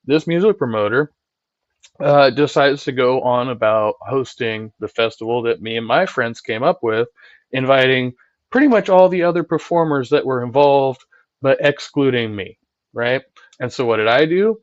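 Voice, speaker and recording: Man, live-stream host, casual rambling commentary, swears, middling pitch, dry slightly dull audio. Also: normal speed, no echo. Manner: rambling and conversational, tags lines with "right?", swears, laughs.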